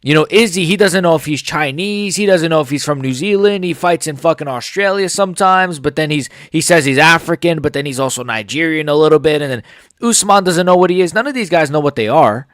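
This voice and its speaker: A man's voice: on the high side, brisk, fairly bright tone, no echo, studio quality. A man hosting a casual MMA commentary channel, blunt and opinionated, swearing as he reacts to clips and comments. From United States.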